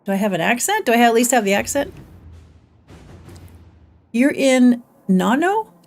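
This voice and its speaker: During a casual gameplay livestream, a middle-aged woman chats, laughs often, and reads the chat aloud. Her voice is fairly high, very animated, and a little mellow, with a measured pace and faint music in the background.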